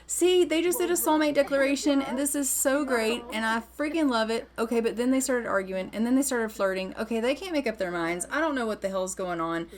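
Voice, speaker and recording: A woman narrating a life-sim game in a casual, gossipy commentary style. She is excitable and exclaims freely, and her voice sits fairly high. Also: fairly quick, hardly any pauses. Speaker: let's-play narrator.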